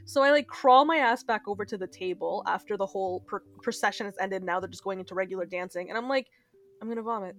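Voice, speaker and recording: A young woman podcast co-host telling an animated story in casual chat, swearing freely. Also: mid-range voice, quick pace, hardly any pauses. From Palestinian Arab family.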